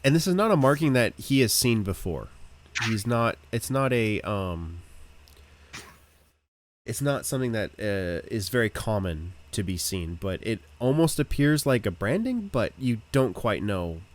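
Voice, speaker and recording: Man, game master, tabletop narration, halting, lively intonation. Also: lowish voice. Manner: hesitant, filler-heavy narration.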